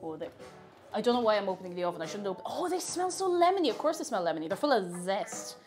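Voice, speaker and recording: Woman, live-stream host baking at home, chatty and animated, voice swinging up and down, soft music underneath. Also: mid-range voice, fast talker. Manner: chatty, animated, laughs often. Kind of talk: casual live-stream chat while baking. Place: home kitchen.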